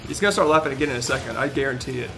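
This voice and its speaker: A young man streaming a shooter game, excitedly narrating, shouting and laughing as he repeats himself. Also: medium pitch, very fast, vocal fry, music in the background. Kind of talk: excited gaming stream commentary.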